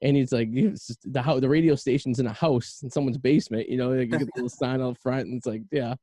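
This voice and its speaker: A man with a Boston accent hosts a casual podcast chat. He rambles fast, with a dark, mellow tone and plenty of fillers. His voice sounds dry and close to the mic. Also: mid-range voice, steady tone, dry recording. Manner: rambling, storytelling, frequent fillers. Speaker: podcast host.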